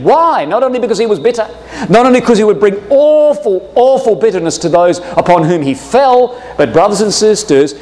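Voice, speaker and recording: Animated man teaching Bible class. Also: high voice. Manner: jokey, animated, addresses "brothers and sisters". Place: hall with a live audience. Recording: long echo of a hall.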